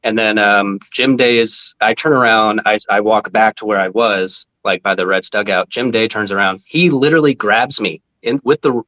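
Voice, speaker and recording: A man telling a story on a podcast in a casual, animated way. He swears freely, laughs often and jumps up in pitch when he quotes people. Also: normal speed, hardly any pauses, lo-fi sound. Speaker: podcast guest, former team mascot.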